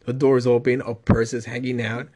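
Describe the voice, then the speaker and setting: A man's voice: mid-range voice, level tone, normal speed, darkish tone. A young man telling a rambling, profane story in casual chat.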